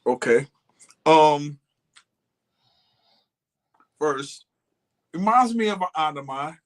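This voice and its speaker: Lively man telling jokes. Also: on the high side, slow, low-quality recording. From Atlanta, USA. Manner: animated, joking storyteller. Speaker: co-host. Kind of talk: casual reality-show recap chat.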